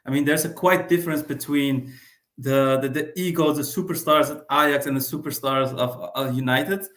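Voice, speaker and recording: A man, a fan guest on a panel, talking thoughtfully with many pauses. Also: medium pitch, a bit bright. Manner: thoughtful, hesitant with fillers. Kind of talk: casual panel discussion. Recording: roomy echo.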